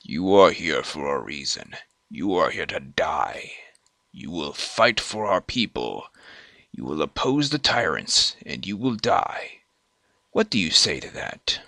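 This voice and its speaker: A man's voice: low voice, sing-song, creaky, no echo, pitched below the performer's own voice, heavily acted. Man doing a solemn old druid. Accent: put-on foreign accent, not his own. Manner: slow, solemn delivery with hushed, whispered drops. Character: weary old male druid, solemn and mysterious.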